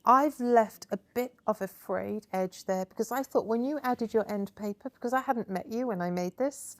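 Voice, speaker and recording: A woman's voice: on the high side, normal speed. A woman hosting a hands-on crafting workshop, chatty and encouraging, praising her guests often as she explains each step. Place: indoor crafting table.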